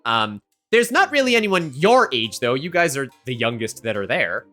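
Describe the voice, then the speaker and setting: A woman running a tabletop game as game master, narrating in a relaxed way with frequent fillers. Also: extremely low pitch, normal speed, soft background music.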